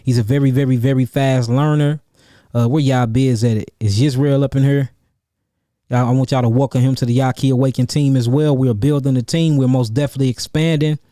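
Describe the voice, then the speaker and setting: A man hosting a livestreamed Q&A about herbal healing, animated and repetitive, calling out names from the chat and hammering his points home. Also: medium pitch, fairly quick, no echo, studio quality. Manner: animated, calls out chat names and repeats himself for emphasis. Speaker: herbalist host answering viewer questions. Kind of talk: livestream Q&A, casual and preachy.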